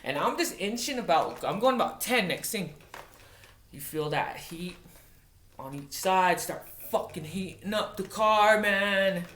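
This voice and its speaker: A man, a wildland firefighter from Montana, telling a story in a casual, profane way, halting and restarting often. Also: high voice, expressive, a bit bright. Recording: roomy echoey recording.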